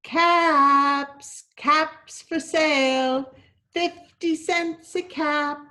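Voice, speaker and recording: A woman's voice: high voice, fairly even intonation, drawn-out words, sharp tone, pitched above the performer's own voice, heavily acted. A woman voicing a short-tempered male cap peddler who scolds and repeats himself in a children's storybook tale. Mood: street calling.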